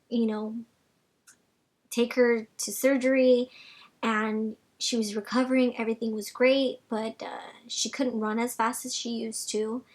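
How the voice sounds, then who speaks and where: A young woman chatting casually in a Q&A vlog, rambling with lots of fillers and sometimes dropping to a soft near-whisper. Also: fairly high pitch. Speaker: vlogger answering viewer questions.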